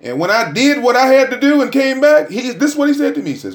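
A middle-aged man preaches with a lively, sweeping pitch, giving testimony from his own life. He falls to near-whispers and then climbs to shouted peaks. His voice rings around a roomy, echoing space. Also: quick pace, few pauses. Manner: swings between hushed murmurs and loud shouted peaks. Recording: roomy echo.

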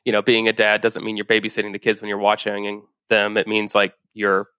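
Male podcast host, smooth clear voice, easygoing, dry close sound. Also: lowish voice, monotone, a little fast, pushed and bright, dry recording. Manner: friendly, easygoing, interviewing. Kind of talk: casual podcast conversation.

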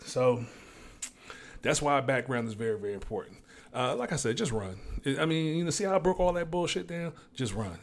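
Blunt, profane man ranting solo. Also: medium pitch. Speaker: show host. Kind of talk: casual monologue.

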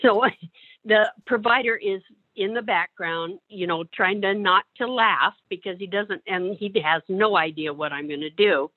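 A woman caseworker tells a story from her work in a relaxed, conversational way, slipping into the voices of the people she describes. Her voice comes through narrow and tinny, much like a phone call, with a dry sound and no room around it. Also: medium pitch, measured pace, no room sound. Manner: acts out the other people's voices in her anecdotes. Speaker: caseworker placing clients in homes.

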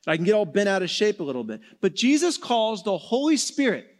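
An earnest male pastor delivers a sermon in a slightly high voice. He slows down and sinks soft for emphasis, then climbs back up with energy. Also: big pitch swings.

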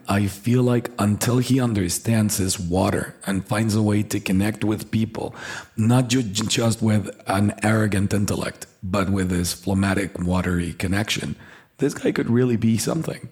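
A man on a podcast chatting casually and animatedly, acting out the voices of the people he describes. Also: fairly low pitch. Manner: animated storyteller, acts out quoted voices. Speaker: podcast co-host, personality trainer.

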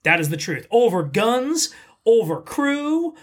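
A pizza shop owner appearing as a podcast guest chats casually, telling blunt, profane stories. His voice is very high with big pitch swings, and he takes his time.

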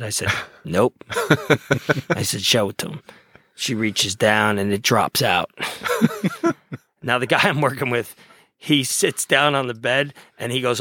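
A man's voice: mid-range voice, expressive, unhurried, long pauses, pushed and bright, dry recording, studio quality. A man, a police detective from New Jersey, telling a story in short clipped phrases as a podcast guest. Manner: choppy clipped phrases, laughing through stories. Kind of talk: casual storytelling.

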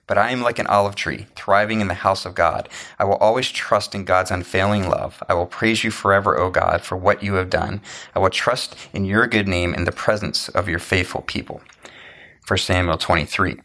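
Give me a man with a lowish, bright voice reading scripture steadily. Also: moderate pace. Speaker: scripture reader.

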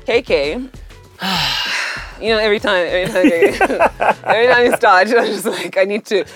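A woman's voice: mid-range voice, lively intonation, a little slow, a bit bright, soft background music. A young woman hosting a podcast, chatting in a playful, teasing way. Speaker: podcast host. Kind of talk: casual chat.

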